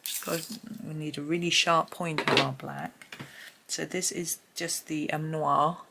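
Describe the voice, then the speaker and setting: A woman with a deep, steady voice talks casually through a colouring tutorial as she works, a little slow and with some vocal fry. She's chatty, thinks aloud, and now and then drops to a murmur, with background noise in the recording.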